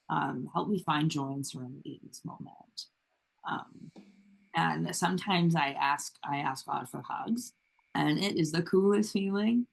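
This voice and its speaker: A woman talks openly on a recovery podcast, pausing often and filling gaps with "um" and "like." Her voice has a gravelly, creaky edge. She speaks in a casual, heartfelt way. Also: sits low. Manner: earnest, halting, many "um" and "like" fillers. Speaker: podcast co-host.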